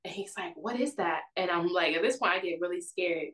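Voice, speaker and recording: A woman's voice: fairly low pitch, steady tone, fast talker, fairly bright tone, roomy sound, far from the mic, poor audio. A young woman casually telling a personal story, filling her speech with "like" and "or whatever.". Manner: chatty, constant fillers of "like" and "or whatever".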